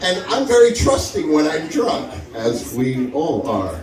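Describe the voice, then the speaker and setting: Taking his time, a man performing at an open mic acts out the characters in his stand-up tale with large pitch swings and an animated manner. The recording is distant and echoey, with the audience audibly laughing.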